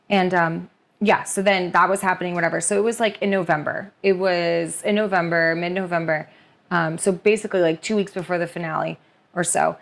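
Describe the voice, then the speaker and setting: Gravelly-voiced young woman telling a story. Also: lowish voice. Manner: expressive, rambling, heavy use of "like". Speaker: podcast guest, nurse. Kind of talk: casual confessional chat.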